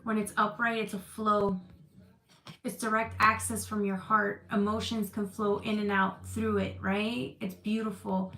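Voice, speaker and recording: A woman's voice: medium pitch, little pitch movement, unhurried, sharp tone. A woman giving a casual livestream tarot reading, chatty and loose with slang, answering comments from her chat. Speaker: tarot reader. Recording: echoey room with faint noise.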